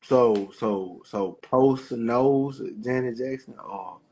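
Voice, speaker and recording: A man's voice: medium pitch, slow pace, warm tone, a little hiss or hum. A man co-hosting a podcast, talking in a laid-back, slangy way and often repeating himself. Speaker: podcast co-host. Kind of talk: casual chat.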